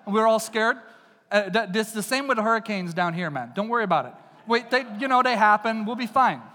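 A man's voice: high voice, lively intonation, quick pace, pushed and bright. A preacher quoting his laid-back missionary buddy. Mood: easygoing. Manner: breezy, reassuring, keeps saying "man". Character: laid-back male missionary friend, unworried. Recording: long reverb of a large hall.

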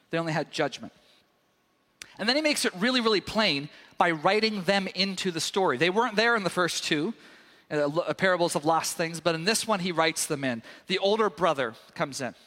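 A man preaching a sermon as a pastor, an animated storyteller who acts out the characters with sudden loud bursts. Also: high voice. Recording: echoey hall with long reverb.

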